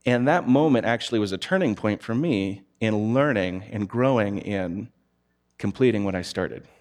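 A man's voice: lowish voice, animated, moderate pace, a little mellow. A man giving a conversational sermon, telling personal stories candidly. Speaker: preacher.

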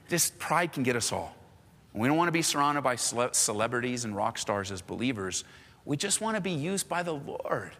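Man preaching in a reverberant church. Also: on the high side. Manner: animated, emphatic preaching with repeated phrases; casual slang mixed into preaching. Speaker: pastor. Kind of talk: sermon.

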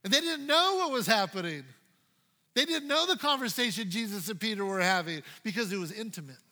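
A male pastor preaching a sermon in a playful, dynamic way, swinging from loud to hushed. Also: high voice, expressive, a little fast, in a large hall.

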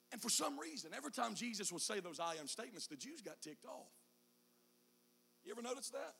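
A man preaching in a high, bright voice with a gravelly edge. He swings from quiet, low teaching passages into shouted, half-sung climaxes, dropping an "uh" before each chanted phrase. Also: sing-song, a little fast, a little hiss or hum. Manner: whooping preacher cadence, "uh" between chanted phrases. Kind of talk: sermon.

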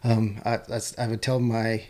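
A man hosting an interview, talking in a relaxed, chatty way with plenty of fillers and restarts. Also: lowish voice, unhurried. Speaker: podcast host. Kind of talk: casual interview chat.

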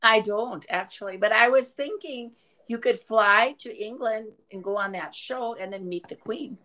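A woman's voice: a little high, normal speed, fairly bright tone. A woman, the hosts' mother, chatting casually on a podcast and telling stories with fillers.

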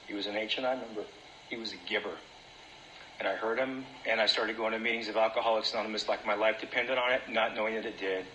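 Middle-aged male speaker, wry candid storyteller, bright edge, echoey hall recording. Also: mid-range voice. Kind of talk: recovery meeting talk. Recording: echoey room with faint background noise.

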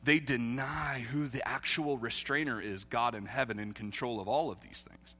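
A man preaching a sermon as pastor, moving from calm teaching to loud impassioned preaching. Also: mid-range voice, normal speed, few pauses, long reverb tail. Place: church, streamed online.

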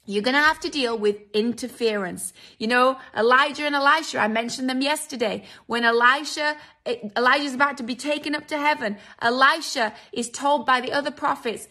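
Woman preacher, high, bright voice, emphatic sermon delivery with acted-out quotes. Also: fairly quick, few pauses. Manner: emphatic, dramatic quoted voices, direct address to listeners.

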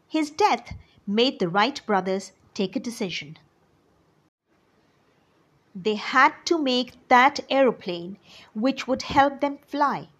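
A woman teaching children, telling a story slowly and explaining each new word as she goes. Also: fairly high pitch, husky. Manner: slow and explanatory, defining words as she goes.

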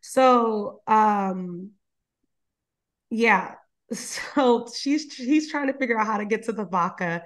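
A woman's voice: mid-range voice, slow. A woman host casually retelling a novel's plot. She talks loosely, swears freely, laughs often and leans on fillers like "you know". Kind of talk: casual book recap chat.

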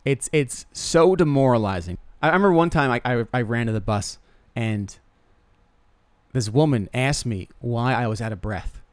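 A man's voice: medium pitch, animated, moderate pace, dry recording. A young man hosting a podcast, telling rambling self-deprecating comic stories with lots of stammered restarts. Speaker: podcast host. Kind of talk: casual comedic monologue.

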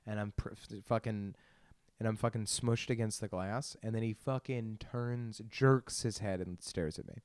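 Brief: young male podcast host, low voice, dry close sound, crude and giggly rambling. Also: fairly even intonation, normal speed, darkish tone, clean tone, no room sound. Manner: crude, laughing, self-deprecating storytelling. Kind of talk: rambling solo podcast monologue.

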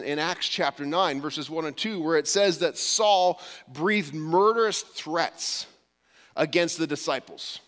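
A pastor preaching a storytelling sermon, often dropping to a hushed voice for quoted words. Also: male voice, a little high, big-room sound.

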